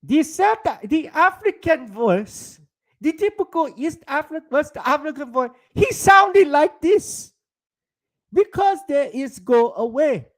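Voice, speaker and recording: A solemn male African priest, as a man puts him on, with an exaggerated accent. The voice sits much higher than his own and crawls along slowly, stretching out each phrase. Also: sing-song, mellow, exaggerated voice. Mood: mock solemn.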